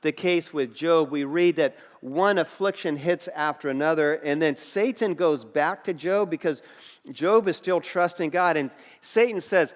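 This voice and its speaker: A middle-aged pastor preaching a sermon, telling personal stories in an animated way and acting out what others said. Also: male voice, a little high, a little slow. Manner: storytelling, animated, acts out quotes. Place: church auditorium. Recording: long reverb of a church hall.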